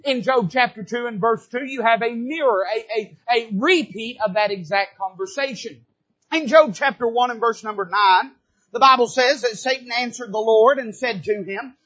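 High-voiced pastor preaching emphatically. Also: male voice, moderate pace. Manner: emphatic preaching that builds to shouting. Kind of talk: sermon. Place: church pulpit. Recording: dull lo-fi sermon recording.

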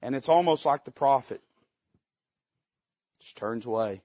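A man preaching a sermon, folksy and joking, with loud emphatic rises. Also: medium pitch, measured pace, pauses often, dry recording, muffled recording.

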